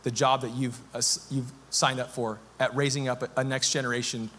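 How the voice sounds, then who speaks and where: Bright-toned man preaching a casual sermon. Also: medium pitch, fairly quick, breathy edge. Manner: conversational, self-deprecating, animated. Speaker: pastor.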